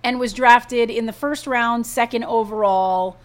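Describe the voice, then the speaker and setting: A woman co-hosts a sports news talk show. Her voice sits a touch high, and she chats loosely about the headlines, piling up fillers and restarting her sentences as she goes. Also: a little slow. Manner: chatty, many fillers and restarts. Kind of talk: casual news chat.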